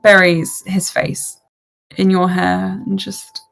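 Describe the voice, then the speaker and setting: A woman narrating a tabletop game as game master, with lively, playful storytelling. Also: fairly low pitch, slow, gravelly, slight background noise.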